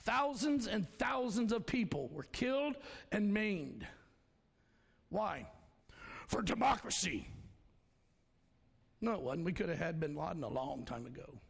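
Casting: high-voiced, gravelly man, pastor preaching in a reverberant church, folksy and fiery. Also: big pitch swings, a little slow, long pauses. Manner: folksy, preachy, swings between shouting and hushed tones. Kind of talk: sermon. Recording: long hall reverb.

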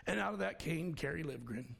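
Gravelly-voiced preacher in a hall. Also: male voice, fairly high pitch, animated, a little fast, slight background noise. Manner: folksy, preachy, swings between shouting and hushed tones. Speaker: pastor. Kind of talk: sermon. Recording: long hall reverb.

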